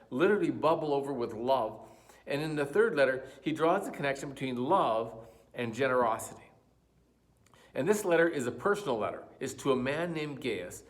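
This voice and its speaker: A man giving a church sermon, telling a joke story and reading scripture, with frequent fillers and restarts. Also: mid-range voice. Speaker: pastor.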